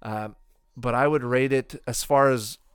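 A man's voice: mid-range voice, fairly even intonation, measured pace, fairly bright tone, smooth, no echo, clean studio sound. A man giving casual, rambling watch-along commentary on an old cartoon, profane and offhand with mocking asides. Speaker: cartoon reviewer.

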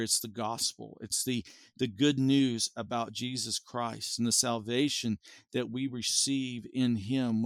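A man's voice: medium pitch, no room sound. A man in his forties giving an informal Bible teaching as a podcast host, explaining carefully and stopping to restate and correct himself.

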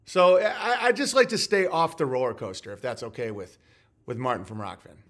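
Sarcastic man with a bright, tense voice. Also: mid-range voice, brisk. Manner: sarcastic, mocking rants. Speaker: podcast host reading viewer messages. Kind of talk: live-stream chat reading.

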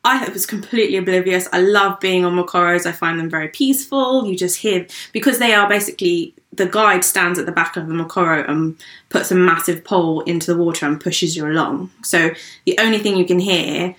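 A young English woman telling a story in casual chat, animated, laughing often and acting out what people said. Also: fairly low pitch, brisk. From England. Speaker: podcast guest.

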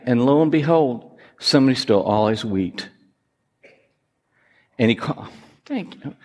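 A man preaching a sermon, telling jokes and gently teasing himself and his listeners. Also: mid-range voice. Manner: joking, self-teasing, lively. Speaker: pastor. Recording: reverberant hall.

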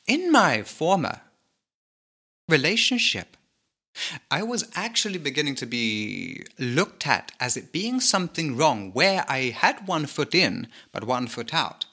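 Theatrical British man with a bright voice. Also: medium pitch. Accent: mixed Cockney and Glaswegian Scottish. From Britain. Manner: theatrical, drawn-out phrasing with teasing asides. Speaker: podcast host. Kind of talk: spiritual monologue.

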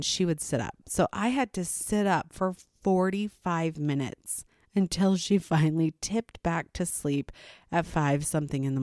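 A woman's voice: on the low side, darkish tone, dry recording, studio quality. A woman in her thirties, tired after a sleepless night, casually telling a rambling story about her night with a self-mocking laugh. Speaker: podcast host.

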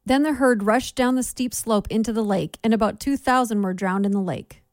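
Woman reading scripture, high and dry. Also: darkish tone, no room sound. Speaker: scripture reader. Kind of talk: measured Bible reading.

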